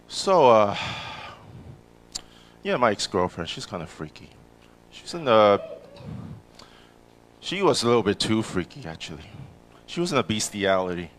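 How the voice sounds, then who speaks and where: A male comedian doing a live stand-up set in a comedy club, stammering on restarts and jumping into loud voices for the people he quotes. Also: fairly low pitch, a little hiss or hum.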